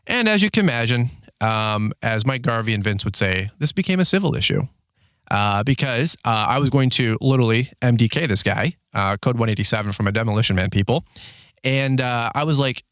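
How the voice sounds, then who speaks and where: Animated man telling a story. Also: a little fast, smooth, dry recording, clean studio sound. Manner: animated storyteller, acts out shouted quotes in a higher voice; heavy use of filler words like "like" and "dude". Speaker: lawn care business owner. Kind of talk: casual storytelling vlog.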